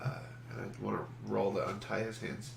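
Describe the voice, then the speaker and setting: A man's voice: lowish voice, little pitch movement, moderate pace, creaky. A man playing a tabletop game, making his case in a dry, reasoning way. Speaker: player. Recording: echoey room with background noise.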